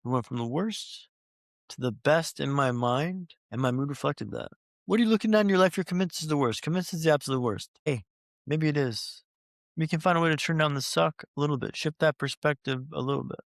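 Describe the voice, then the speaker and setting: A man's voice: fairly high pitch, fairly quick, no echo, studio quality. A man telling his recovery story as a podcast guest, like a practiced speaker, with repeated phrases for rhythm and speaking straight to the host. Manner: addresses the host directly.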